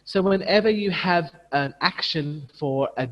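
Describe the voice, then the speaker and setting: A man's voice: fairly high pitch, unhurried, big-room sound, muffled recording. A man running an online teacher training, demonstrating phonics sounds and chanting prompts as he would to young learners.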